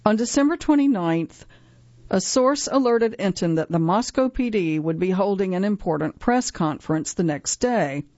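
A woman narrates a news feature from a script, in a measured, even reading. The recording is dry and a little dull. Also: fairly low pitch, dry recording.

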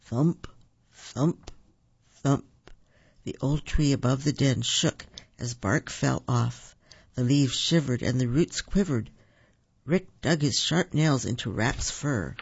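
A man's voice: medium pitch, a little slow, vocal fry, slightly rough. A man reading a children's story aloud, with small slips and restarts. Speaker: storybook reader. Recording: dull lo-fi recording.

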